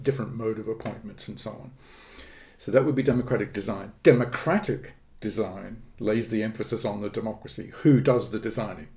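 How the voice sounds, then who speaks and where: A middle-aged man, a politics professor, explaining ideas in a podcast interview, measured and academic, pausing with fillers and restarting phrases. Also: on the low side, gravelly, a little mellow.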